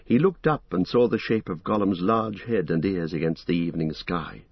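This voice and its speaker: Deep, husky male storyteller. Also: moderate pace, dry recording. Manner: expressive, dramatic storytelling. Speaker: audiobook narrator. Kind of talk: scripted narration. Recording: dull lo-fi dry recording.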